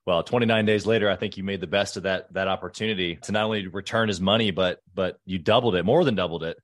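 Low-voiced male host, dry close sound. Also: quick pace, dry recording. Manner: encouraging, frequent short affirmations. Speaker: podcast host. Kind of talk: casual interview chat.

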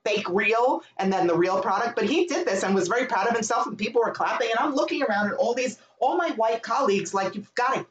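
Candid, animated woman in a roomy space. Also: a little high, fast talker, hardly any pauses, lo-fi sound, slight background noise. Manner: candid, animated, swears freely. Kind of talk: casual storytelling conversation. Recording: roomy echo.

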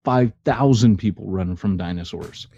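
Husky, joking male podcast co-host. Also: fairly low pitch, normal speed, mellow. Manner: teasing, joking. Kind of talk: casual chat. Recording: slightly muffled lo-fi audio.

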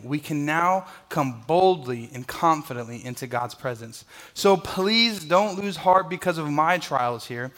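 A young man preaches to his church in a slightly higher voice. He tells his stories with energy and acts out the people in them, then moves into prayer and scripture. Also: measured pace, hardly any pauses. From Southern California. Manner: animated storyteller, acts out voices. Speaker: pastor. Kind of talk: sermon with a personal story.

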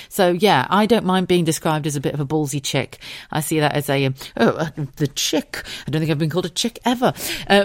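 A woman's voice: sits low, no echo, studio quality. A woman, hosting her own podcast in a candid, chatty way, swearing freely and wandering off on tangents. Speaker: podcast host. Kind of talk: casual solo podcast monologue.

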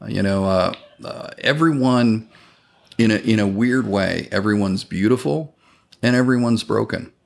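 A man's voice: lowish voice, unhurried, gravelly. A man talking in a casual podcast conversation, earnest and reflective, swearing now and then.

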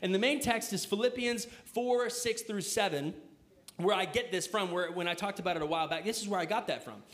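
High-voiced man preaching casually. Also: brisk, fairly bright tone. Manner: chatty, filler-heavy, asks the listeners rhetorical questions. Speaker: pastor. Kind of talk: casual conversational sermon.

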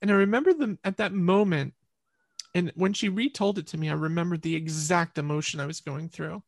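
A woman's voice: lowish voice, fairly quick, no room sound, studio quality. A woman interview guest earnestly telling a personal story, often repeating words as she recalls.

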